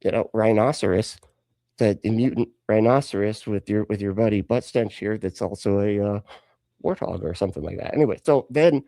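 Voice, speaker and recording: A man's voice: on the low side, fairly quick, mellow, no echo. A man rambling through a comic drunken retelling of a story, interrupting himself often. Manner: rambling, self-interrupting, tipsy. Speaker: podcast co-host.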